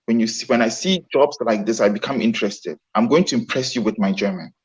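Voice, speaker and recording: A man's voice: on the low side, a little fast, slightly rough, lo-fi sound. A man answering interview questions earnestly, often restarting his sentences. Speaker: guest. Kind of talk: casual interview.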